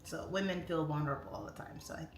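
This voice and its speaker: A woman's voice: deep voice, animated, quick pace. A woman in her late thirties hosting a casual livestream, reading viewer comments aloud and chatting on tangents with laughs. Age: 30s. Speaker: livestream host. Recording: roomy echo, faint room noise.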